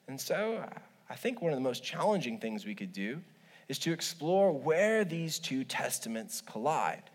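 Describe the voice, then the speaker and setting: A male pastor preaching a sermon, telling stories with humorous asides and lively swings between loud and quiet. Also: a little high. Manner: humorous, animated storytelling with asides.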